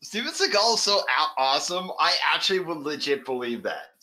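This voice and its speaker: A man co-hosting a podcast, reacting with excitement in casual chat. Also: on the high side, a little fast. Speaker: podcast co-host.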